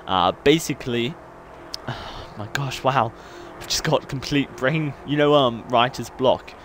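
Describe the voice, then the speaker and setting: A hyper young Australian man rambles through casual gameplay commentary, his accent softened by years in Britain. He jokes at his own expense and laughs a lot, in a voice of ordinary pitch. A faint hum of noise sits behind him. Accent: Australian, partly worn down by years in the UK. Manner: hyper, rambling and self-mocking, laughs often. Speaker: gaming YouTuber.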